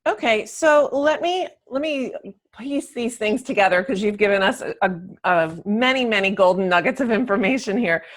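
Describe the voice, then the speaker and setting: A woman's voice: medium pitch, animated, normal speed. Chatty woman host, hesitant. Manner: chatty, hesitant, many fillers and restarts. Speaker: interview host. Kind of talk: casual interview chat.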